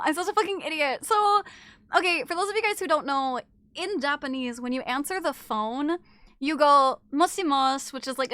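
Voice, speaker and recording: A woman's voice: sits high, a bit bright, no room sound. A young woman streaming a video game, chatting casually to her viewers, giggly and self-mocking, swearing freely. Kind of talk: casual gaming stream chat.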